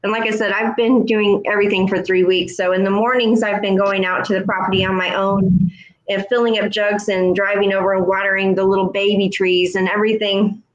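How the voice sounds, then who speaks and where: A woman's voice: mid-range voice, fairly quick, dull audio. A woman telling a story in a casual chat, acting out the other voices as she goes. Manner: animated, acts out other voices in her stories. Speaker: co-host. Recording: echoey room.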